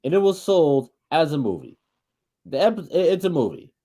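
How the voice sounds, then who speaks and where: A man holds forth on a casual podcast in a somewhat high voice that leaps all over the place. He rants, swears freely and trips over his own restarts before pushing on. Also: moderate pace, heavy background noise. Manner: rambling, profane, stammering restarts; animated, ranting. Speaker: podcast co-host.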